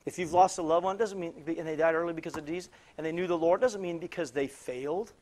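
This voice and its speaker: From a church pulpit, a man with a fairly high voice tells a personal story as part of his sermon. His animated delivery is full of halting restarts and repeated phrases, sometimes rising into loud, emphatic cries.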